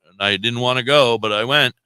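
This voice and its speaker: A man tells a rambling story on a podcast, cursing freely and jumping into other people's voices as he quotes them. His voice is bright and forceful, and the recording is dry and close with almost no room sound. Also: medium pitch, a little fast, clean tone, dry recording. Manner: profane, animated storyteller who acts out quotes. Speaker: podcast co-host. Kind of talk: casual storytelling chat.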